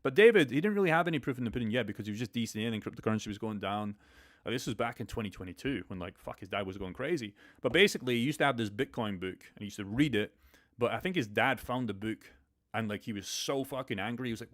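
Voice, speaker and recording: Male streamer, young, fast and blunt, casual profane pep talk. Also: medium pitch. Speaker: crypto live stream host. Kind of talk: casual live stream chat.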